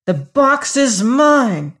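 A man's voice: high voice, lively intonation, slow pace, a little mellow, heavily acted. A narrator voicing a cringing, blackmailing male servant who pleads with tremulous eagerness and turns silky. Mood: pleading, angry. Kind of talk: audiobook character reading.

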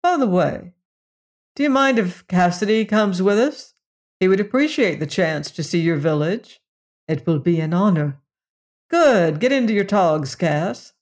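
Narrator plays curt male spacefarer, dry and matter-of-fact, unhurried. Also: medium pitch, expressive, natural voice. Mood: brisk. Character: blunt male space outpost officer.

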